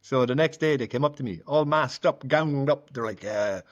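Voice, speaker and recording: A man's voice: mid-range voice, normal speed, lo-fi sound. A man in conversation, candidly recounting his recovery story and acting out the dialogue in it. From Ireland. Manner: candid, frequent "like" fillers, acts out quoted dialogue. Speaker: guest sharing recovery story.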